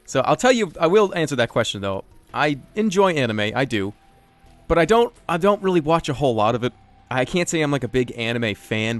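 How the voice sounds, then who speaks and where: A man answering viewer questions in a casual voice-over, joking and self-deprecating, talking in a lively, animated way. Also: medium pitch, dry recording.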